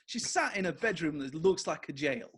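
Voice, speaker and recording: A man's voice: a little high, expressive, moderate pace, a bit bright, slightly rough. A man on a comedy panel, riffing in an incredulous, rambling way. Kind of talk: casual comedy chat.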